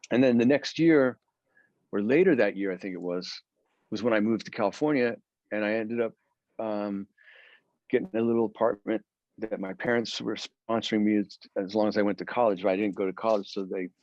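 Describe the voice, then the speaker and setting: A man, a guitarist from the Philadelphia area, telling long animated stories in an interview with many restarts. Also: on the low side, brisk, dry recording, muffled recording. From Philadelphia area, USA. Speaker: guest guitarist. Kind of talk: storytelling interview chat.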